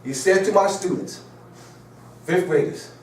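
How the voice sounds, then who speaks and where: A man with a high voice lectures a class at an unhurried pace, and there's a slight hiss or hum in the audio. His style is call and response, emphatic and repetitive, full of rhetorical questions and chatty storytelling asides. The room is echoey and the mic sits far away.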